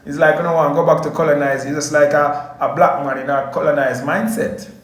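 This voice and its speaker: A man's voice: a little high, fairly even intonation, fairly quick, roomy sound, poor audio. A man from Jamaica with a Jamaican accent, giving heated casual commentary to camera as a vlogger, repeating his stock phrases. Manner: heated, repetitive, keeps saying "you know what I mean" and "family".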